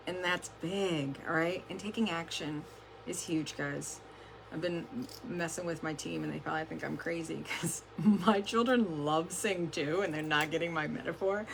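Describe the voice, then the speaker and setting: Her voice is on the low side, slightly bright and marked by vocal fry as she gives her team a laid-back pep talk over a livestream. She's chatty, says "like" often and swears now and then, and the close-up camera mic, adjusted during the stream, picks up slight background noise.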